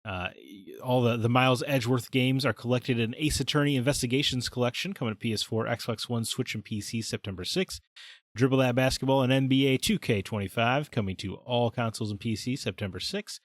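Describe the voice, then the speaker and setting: Male co-host, mid-pitched, dry close mic, jokey and teasing. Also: fairly even intonation, a little fast, no room sound. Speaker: podcast co-host. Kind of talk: casual podcast chat.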